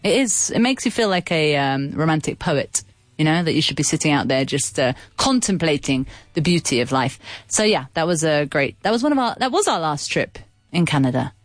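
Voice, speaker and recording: Woman radio host, chatty and teasing, animated pitch, dry close mic. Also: a little fast, no room sound. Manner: chatty, playful, laughs often, swoops up in pitch. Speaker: radio co-host and English teacher. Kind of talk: casual radio chat teaching English.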